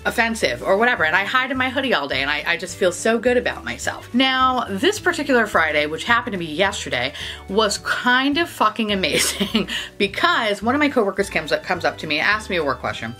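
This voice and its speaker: A woman's voice: medium pitch, very animated, a little fast, pushed and bright, faint music behind. A woman with a New York accent telling a profane, laugh-filled story in a casual vlog. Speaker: beauty vlogger.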